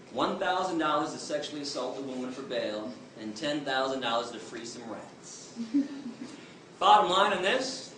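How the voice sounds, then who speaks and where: Emphatic man in an echoey hall. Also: on the high side. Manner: emphatic, plain-spoken, lively storytelling. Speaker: speaker answering audience questions. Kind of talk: public talk, Q and A. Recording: echoey hall from far off, noisy.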